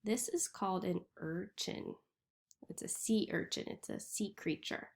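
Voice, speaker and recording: A woman teacher giving a reading lesson to young children, slowly sounding out letters and words. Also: mid-range voice. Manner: slow, clearly sounding out letters.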